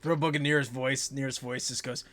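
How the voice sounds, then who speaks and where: A man's voice: mid-range voice, fairly even intonation, brisk, a bit bright. A man narrating as game master of a tabletop role-playing game in a casual, joking way.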